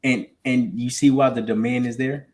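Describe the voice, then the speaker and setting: A man's voice: medium pitch, moderate pace. Young Southern man telling a story. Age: 20s. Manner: animated storyteller, repeats words when starting. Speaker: real estate salesman. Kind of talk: casual conversation.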